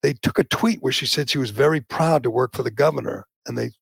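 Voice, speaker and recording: A man hosting a political talk show, indignant and opinionated, often rising into loud outbursts. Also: mid-range voice, fast talker, vocal fry, breathy edge, no room sound. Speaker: podcast host.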